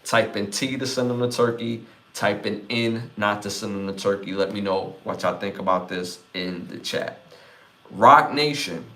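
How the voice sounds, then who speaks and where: A man with a Brooklyn accent hosts a live podcast in a relaxed, chatty way. His voice sits fairly low, and he keeps reading chat comments and shouting out viewers. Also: moderate pace. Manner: laid-back, reads chat comments aloud, gives shout-outs. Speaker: podcast host.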